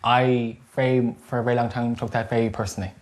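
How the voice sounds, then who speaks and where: A man's voice: medium pitch, flat delivery, quick pace. An Irish man and community board member, speaking earnestly and reflectively in a documentary interview.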